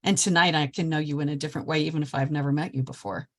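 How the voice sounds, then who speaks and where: A woman's voice: low-pitched, very fast. An older woman from Nebraska, a past president of a service club, giving an enthusiastic motivational speech over a video call. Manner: lively, enthusiastic storyteller.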